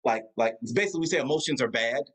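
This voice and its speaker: A man leading a church talks with a friend over a video call. He rambles, circling back with fillers and restarts as he works out his thoughts. His voice sits at an ordinary pitch. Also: animated, racing, a bit bright, low-quality recording. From United States. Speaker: pastor, guest. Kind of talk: casual conversation. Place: Atlanta area.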